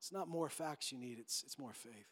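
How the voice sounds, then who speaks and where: A man's voice: medium pitch, moderate pace, fairly bright tone. A man preaching a sermon as pastor, emphatic and impassioned, acting out quotes as he goes.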